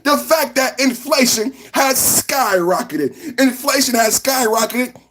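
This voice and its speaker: A man with a high, lifted voice hosts a live political podcast stream. He talks loudly at the chat, repeats phrases over and over and slips into sing-song chants. It sounds like a desk microphone in a home studio. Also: expressive, unhurried. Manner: loud, repetitive, sing-song ranting at the chat. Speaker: podcast host.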